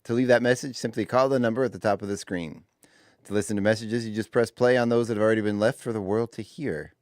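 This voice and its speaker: A man's voice: lowish voice, fairly even intonation, fast talker, darkish tone, no room sound, studio quality. A man co-hosting a morning radio show, chatting casually, laughing easily and reading news items aloud with little restarts. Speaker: radio co-host.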